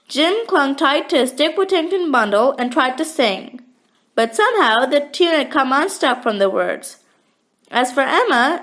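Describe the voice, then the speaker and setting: A woman narrating a children's chapter book in a gentle, expressive storytelling manner. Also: high-pitched. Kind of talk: audiobook reading of a children's story.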